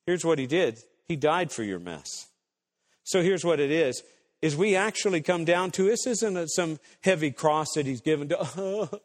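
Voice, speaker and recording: Emphatic preacher man in a reverberant hall. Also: fairly high pitch. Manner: emphatic, rising and dropping dramatically, quoting scripture and voices. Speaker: pastor. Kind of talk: sermon.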